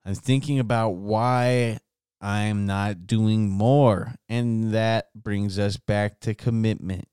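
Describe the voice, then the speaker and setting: Male solo podcast host, erratic self-mocking rambler, smooth resonant voice, dry close sound. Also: lowish voice, steady tone, takes it slowly, darkish tone, dry recording. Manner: erratic and self-mocking, swinging between mumbling and outbursts. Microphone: studio microphone.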